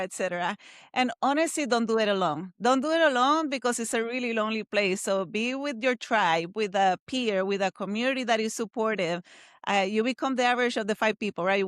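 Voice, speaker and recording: A woman's voice: on the high side, a bit bright, no room sound, clean studio sound. A woman guest with a noticeable accent, speaking earnestly and encouragingly about finding purpose. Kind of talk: motivational interview talk.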